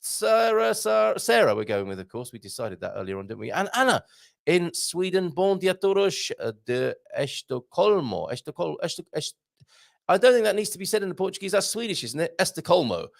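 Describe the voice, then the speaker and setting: A man's voice: fairly quick, creaky. A middle-aged man hosting a live stream, chatting playfully, greeting viewers by name and making puns. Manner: lively up-and-down pitch, jumps high for greetings. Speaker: host. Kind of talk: live-stream chat reading viewer comments.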